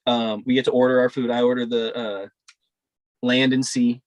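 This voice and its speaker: A man's voice: mid-range voice, level tone, moderate pace, dry recording, dull audio. A young man co-hosting a podcast, telling a rambling, profane story in casual chat. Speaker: podcast co-host.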